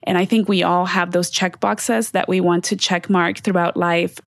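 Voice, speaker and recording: A woman's voice: on the low side, fairly even intonation, moderate pace, no echo, studio quality. A woman hosting her podcast, talking candidly and from the heart, speaking straight to her listeners in a casual, unscripted monologue with the odd swear word. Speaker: podcast host.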